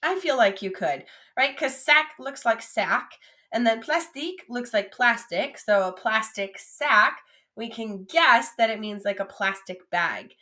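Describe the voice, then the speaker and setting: High-voiced woman teaching a vocabulary lesson. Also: sharp tone. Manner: slow, drawn-out modelling of each French word, then quick English asides; encouraging, coaxing students to repeat after her. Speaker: French teacher.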